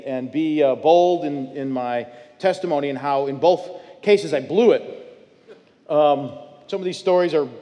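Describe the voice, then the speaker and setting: A pastor preaching a sermon, telling personal stories in a conversational way with many fillers and restarts. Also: male voice, fairly high pitch, dark tone. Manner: conversational storytelling with frequent fillers. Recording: long church hall reverb.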